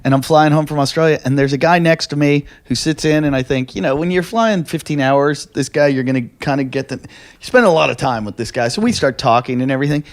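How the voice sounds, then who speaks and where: A man with a fairly high voice tells a story with lots of energy and acts out every line of dialogue himself. His delivery is loose and comedic, and he swears freely as a podcast host chatting with guests. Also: fast talker.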